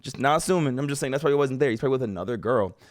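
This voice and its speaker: A man giving casual, animated reaction commentary as a streamer, slangy and swearing freely. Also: medium pitch, racing.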